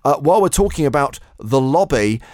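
A man co-hosting a poker podcast, recapping events in a measured, wry way. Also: mid-range voice, animated, a little mellow. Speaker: poker show co-host. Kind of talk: casual podcast chat.

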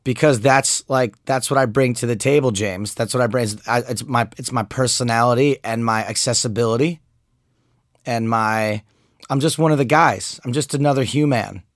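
A man's voice: mid-range voice, moderate pace, no room sound, studio quality. A man in his forties co-hosting a podcast, chatting casually in a joking, rambling way and laughing at his own lines. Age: 40s. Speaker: podcast co-host. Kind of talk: casual chat.

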